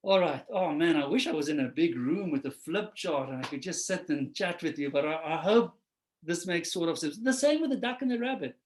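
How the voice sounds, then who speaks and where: Animated man giving a webinar lecture. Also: on the high side, a little fast. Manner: animated, acts out quoted voices; conversational with rhetorical questions. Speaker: trainer presenting a webinar.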